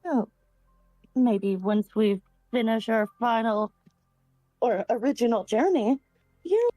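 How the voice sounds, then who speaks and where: Mellow-voiced woman, hesitant and wry. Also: a little high, slow pace, dry recording, low-quality recording. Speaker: player.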